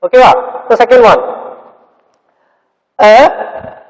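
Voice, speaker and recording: A male teacher in a classroom, explaining slowly and repeating words and sounds for his students. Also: very high voice, in a large hall, poor audio. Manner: slow, repetitive explaining with drawn-out sounds. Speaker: English teacher. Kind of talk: classroom lesson.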